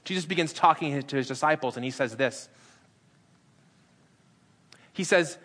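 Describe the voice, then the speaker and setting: A middle-aged male pastor with a bright, forceful voice pitched a touch high for a man. He preaches in a conversational way, acting out the dialogue with humor. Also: moderate pace, long pauses, long reverb tail. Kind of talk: sermon. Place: church sanctuary.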